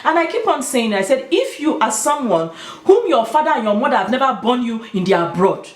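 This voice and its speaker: A woman's voice: on the high side, big pitch swings, a little fast. A Nigerian woman with an Igbo-tinged accent, talking casually and emphatically to her vlog audience. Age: adult with children. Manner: emphatic, explaining and storytelling. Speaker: YouTuber. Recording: echoey room.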